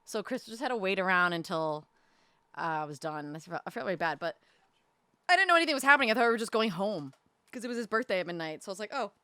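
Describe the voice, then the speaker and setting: A young woman telling a story in casual chat, animated, full of fillers and swearing, close to the mic. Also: medium pitch, fast talker, smooth, no echo. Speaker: podcast co-host telling a story. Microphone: close desk mic.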